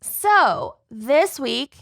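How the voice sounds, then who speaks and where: A woman in her thirties co-hosting a podcast in casual chat, laughing often and tossing in quick asides. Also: sits high, very animated, fairly bright tone. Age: 30s. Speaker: podcast co-host.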